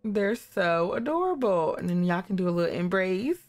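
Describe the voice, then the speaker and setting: A woman's voice: medium pitch, normal speed, soft background music. A woman casually commenting on her life-simulation game, talking to the characters and exclaiming at what they do. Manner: animated, exclaiming, talks to the characters. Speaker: gaming YouTuber.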